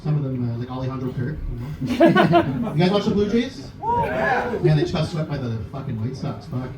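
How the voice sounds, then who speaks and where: A man's voice: fairly high pitch, wildly swooping pitch, normal speed, over a noisy crowd. A man doing a stand-up set on a comedy club stage, dry and self-deprecating. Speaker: stand-up comic. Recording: echoey club room from far off, noisy.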